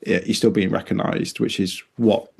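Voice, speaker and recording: A man's voice: fairly low pitch, steady tone, moderate pace, gravelly, darkish tone, breathy edge. A man hosting a podcast interview, encouraging and firing off several questions in a row. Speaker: podcast host. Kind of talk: casual interview chat.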